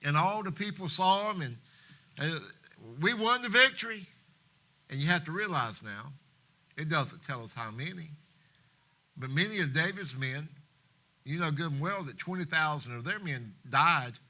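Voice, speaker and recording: A man preaching a sermon in a church, passionate, swinging between hushed tones and loud emphasis, and reading scripture in King James wording. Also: fairly high pitch, lively intonation, moderate pace, long pauses. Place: church live stream.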